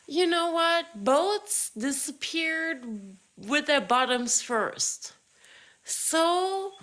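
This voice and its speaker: Bright-voiced woman in halting casual chat. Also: sits high. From France. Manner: halting, repeats words, apologetic. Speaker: guest on a live stream. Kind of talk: casual live-stream chat.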